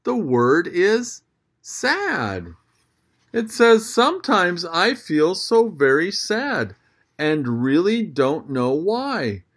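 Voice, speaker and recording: A children's church storyteller reading a picture book aloud and talking directly to kids, with gasps and an animated manner. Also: medium pitch, extremely slow.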